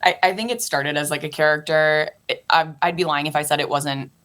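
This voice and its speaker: A young woman talking casually as a podcast guest, chatty and quick to laugh. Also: deep voice, fairly even intonation, fairly bright tone. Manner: laughs often, chatty, uses "like" a lot. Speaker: podcast guest, comedy creator. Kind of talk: casual chat.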